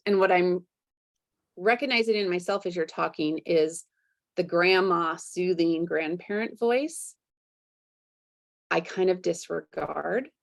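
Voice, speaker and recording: A woman hosting a podcast, reflective and candid, who acts out her inner voices with sudden high jumps. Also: creaky. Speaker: podcast host. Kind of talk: conversational interview.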